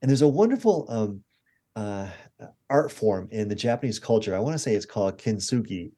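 Storytelling man in his sixties, mellow. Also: on the low side, a little fast, slightly rough. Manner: animated anecdotes with acted-out quotes. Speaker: guest expert. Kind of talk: conversational interview storytelling.

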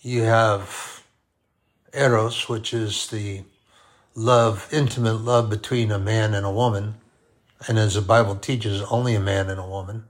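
A man preaching a sermon, deliberate and repeating key phrases for emphasis. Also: fairly low pitch, steady tone.

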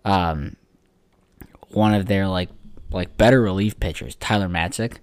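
A man with a deep, low voice talks sports on a casual podcast. He rambles, swears freely and leans on filler words. The sound is dry, with no room echo. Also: measured pace, clean tone. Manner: rambling, profane, lots of "like" fillers. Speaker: podcast co-host.

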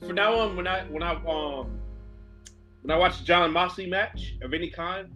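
A man's voice: sits high, moderate pace, bright, forceful tone, faint music behind. A man co-hosting a podcast in casual chat, laughing often and bantering. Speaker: podcast co-host.

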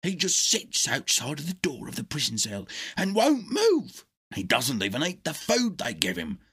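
A man voicing a loyal male dog in a storybook reading, husky, urgent and pleading. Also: a little high, huge pitch swings, normal speed, a bit bright, pitched above the performer's own voice, exaggerated voice. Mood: earnest.

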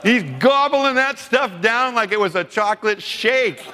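In an extremely high-pitched voice and at a measured pace, a man preaches a sermon to seminar listeners, bringing his stories to life by acting out the quotes. Slight background noise and a long hall reverb are present.

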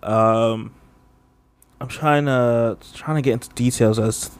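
A man's voice: medium pitch, steady tone, slow, clean tone. A man co-hosting a podcast, chatting casually and rambling, with lots of filler words and frequent laughs. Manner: rambling, heavy use of "like", laughs often. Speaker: podcast co-host. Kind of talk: casual chat.

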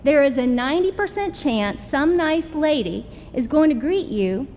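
A woman's voice: sits high, lively intonation, moderate pace, a little mellow, big-room sound, a little hiss or hum. A middle-aged woman pastor with a Southern American accent, preaching a sermon in a folksy, humorous storytelling way. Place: church sanctuary.

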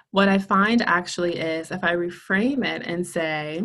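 A woman's voice: lowish voice, unhurried, few pauses, fairly bright tone. A woman guest in a casual podcast interview, talking earnestly and enthusiastically with frequent ums.

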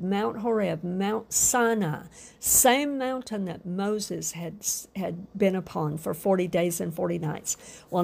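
Slow, gravelly woman preaching a sermon. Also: on the low side. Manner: fervent preaching with drawn-out emphasis and soft asides.

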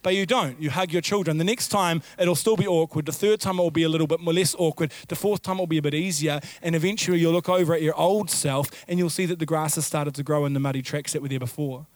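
A man preaching a sermon as pastor, animated, with sudden shouted outbursts and repeated phrases. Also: a little high, quick pace, hardly any pauses, no echo.

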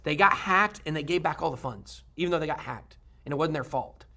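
A man's voice: a little high, expressive, a little fast, vocal fry, pushed and bright. A man hosting a crypto video, talking casually to viewers in a rambling, upbeat way with many fillers and restarts.

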